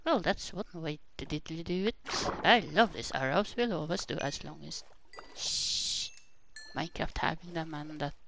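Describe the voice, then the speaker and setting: A woman with a deep voice hosts a gaming channel, giving casual gameplay commentary in a chatty, exclamatory style and talking back to the characters on her screen. Background noise is audible.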